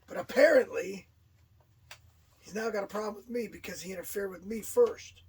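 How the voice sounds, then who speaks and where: A man's voice: high voice, normal speed, a little hiss or hum. A man who is a pro wrestler, trading brash, sarcastic trash talk on a casual wrestling talk show.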